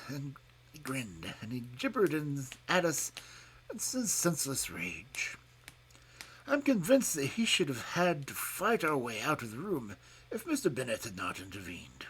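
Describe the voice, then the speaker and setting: A man narrating a detective story, expressive and dropping to a hush at tense moments. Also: mid-range voice, a little slow, breathy edge.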